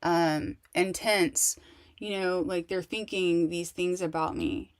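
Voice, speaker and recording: A woman talking candidly to camera in a casual personal monologue, rambling and halting, with many restarts and fillers. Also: lowish voice, steady tone. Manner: candid and emotional. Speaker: vlogger.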